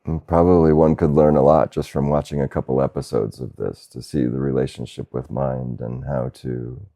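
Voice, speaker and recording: A man speaking as a spiritual teacher in a satsang talk, gentle and unhurried, with soft laughs and a questioning "huh?". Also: extremely low pitch, fairly even intonation. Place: Asheville, North Carolina.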